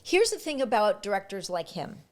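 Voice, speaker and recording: An actress telling lively stories about her auditions and career in a casual interview. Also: medium pitch, brisk. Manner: lively anecdotal, frequent restarts. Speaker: actress guest.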